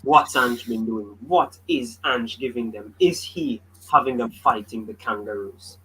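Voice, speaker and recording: A man's voice: mid-range voice, a little slow, pushed and bright, rough recording. Jamaican guy co-hosting a footy podcast, blunt and jokey, some faint hiss behind him. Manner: blunt, opinionated, joking. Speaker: podcast co-host. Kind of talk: casual sports chat. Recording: faint background noise.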